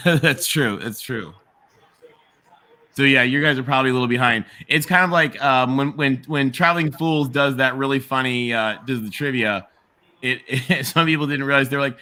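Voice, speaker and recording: Male stream host, bright tone, loose rambling sports chat with frequent laughs. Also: mid-range voice, normal speed. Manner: laughs often, rambling with restarts. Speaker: livestream host.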